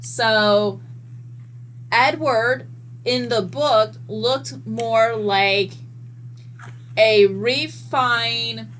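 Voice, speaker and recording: Woman, podcast guest, animated storyteller, profane, slightly high voice. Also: drawn-out words, pauses often, slight background noise, rough recording. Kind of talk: casual podcast chat.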